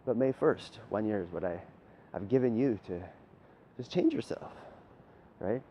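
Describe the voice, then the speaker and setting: A man's voice: fairly low pitch, expressive, unhurried, mellow, lo-fi sound, a little hiss or hum. A man giving a rambling, preachy monologue as a self-styled spiritual leader. He swears freely and keeps asking "right?". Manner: profane, repeats "right?" often.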